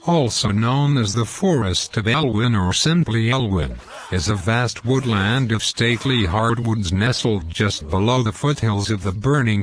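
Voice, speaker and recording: A man narrating a game walkthrough, deliberately reading out lore and in-game quotes. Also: on the low side, a little hiss or hum. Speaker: gameplay commentator.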